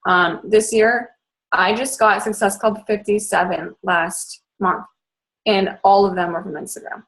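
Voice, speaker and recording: A young woman from the Boston area who talks very fast in a bubbly, chatty way as she coaches her team in a casual talk. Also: medium pitch, steady tone, a bit bright. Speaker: network marketing fitness coach.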